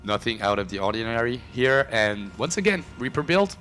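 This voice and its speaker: A man casting a live esports match, animated and filler-heavy, giving hyped player intros. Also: medium pitch, fairly quick, soft background music. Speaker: esports caster. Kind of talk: live game commentary.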